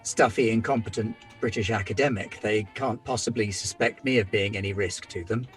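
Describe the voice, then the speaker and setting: A man's voice: on the low side, fairly quick, faint music behind. A man playing a tabletop game, speaking in character in a dry, formal way. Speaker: player.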